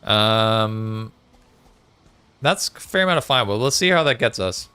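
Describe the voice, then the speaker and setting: A man's voice: fairly low pitch, animated, unhurried, bright, forceful tone, smooth, dry recording. A man chatting casually with viewers on a live gaming stream, reading out chat messages with lots of fillers. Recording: faint music behind.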